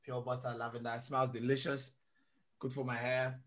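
A man's voice: mid-range voice, level tone, moderate pace. A man from England, chatting in a laid-back way. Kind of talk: casual chat.

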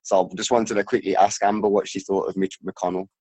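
A man with a very low voice, rambling through his point as he hunts for the right words. The sound is close and dry, with no room around it. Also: flat delivery, brisk, darkish tone, husky, no echo, poor audio. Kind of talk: casual chat.

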